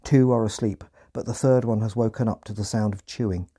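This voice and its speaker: A man narrating a scripted podcast in a measured, descriptive manner. His voice sits fairly low and sounds mellow and relaxed. He walks through each scene step by step. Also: breathy edge.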